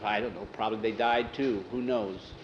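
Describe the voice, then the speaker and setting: A man voicing a shy, doubtful young boy who speaks quietly in a told story. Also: lowish voice, steady tone, normal speed, dull audio, background noise, close to an everyday voice.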